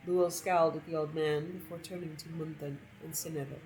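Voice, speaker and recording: A woman narrating a story over gameplay in an expressive reading voice. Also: low voice, fairly quick, soft background music, rough recording.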